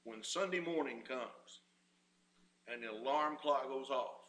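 A man's voice: mid-range voice, unhurried, fairly bright tone. A man preaching a sermon as pastor, folksy and rising in fervor.

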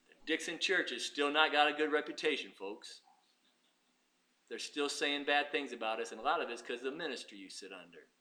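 A male pastor preaching a fervent sermon, swinging between hushed passages and shouted exhortation. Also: fairly high pitch.

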